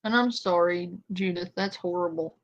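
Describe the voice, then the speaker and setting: A woman's voice: on the low side, steady tone, normal speed, highs cut off. A woman streamer giving casual, sarcastic commentary on a clip, blunt and swearing. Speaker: reaction streamer.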